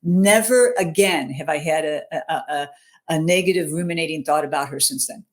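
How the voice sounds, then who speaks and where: A woman's voice: low voice, normal speed. A middle-aged woman, a mental fitness coach, telling a personal story in an online interview. She speaks earnestly and keeps checking in with "you know", "okay?" and "right?".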